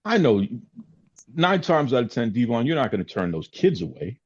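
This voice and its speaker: A man hosting a podcast who talks earnestly in casual chat, lecturing his point and jumping high when he mocks someone. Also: big pitch swings, normal speed, slightly rough. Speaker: podcast host. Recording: dull lo-fi audio.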